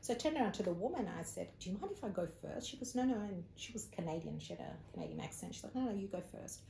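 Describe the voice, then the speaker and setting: Rapid-fire and mid-range, her voice carries noticeable vocal fry. She's an Australian woman, a psychic medium guesting on an interview, sharing a personal anecdote casually and animatedly while acting out quoted speech, all captured in an echoey room with faint ambient sound.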